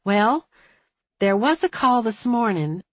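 A woman's voice: fairly high pitch, animated, takes it slowly, no room sound, voice pushed up. A woman voicing a chatty small-town switchboard operator who is eager and a bit defensive.

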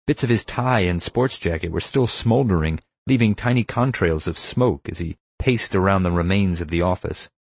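Male audiobook narrator, deep husky voice, wry deadpan storytelling. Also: normal speed, few pauses, no room sound. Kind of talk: scripted first-person audiobook narration.

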